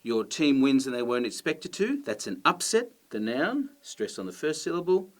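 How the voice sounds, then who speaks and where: A man with an Australian accent explaining to camera as a teacher, stressing words clearly. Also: medium pitch, very animated, moderate pace.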